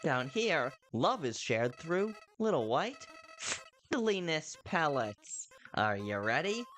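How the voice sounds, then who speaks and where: A man putting on a sugary, menacing talking flower from a video game, with a high-pitched Southern drawl that swings up and down. Its singsong sweetness keeps turning to mockery. The delivery is slow and drawn out. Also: huge pitch swings, fairly bright tone, soft background music, full character voice. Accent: put-on American Southern. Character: sly evil talking flower, falsely sweet.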